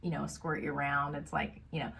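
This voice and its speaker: A woman co-hosting a casual book podcast, chatty and animated, laughing often. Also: low voice, quick pace, creaky. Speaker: podcast co-host.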